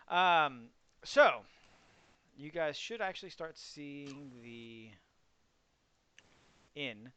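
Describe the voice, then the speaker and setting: A man's voice: fairly high pitch, lively intonation, very slow, long pauses, bright, forceful tone, smooth. A young man running an online tabletop game as game master, describing the scene in a casual, filler-heavy way. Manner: casual, loose, many fillers.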